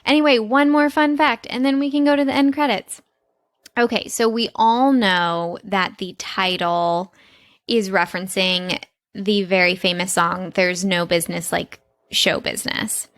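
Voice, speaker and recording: A woman's voice: medium pitch, fairly even intonation, a little slow, fairly bright tone, no echo. A woman co-hosting a podcast in casual chat, upbeat and eager to share fun facts. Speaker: podcast co-host.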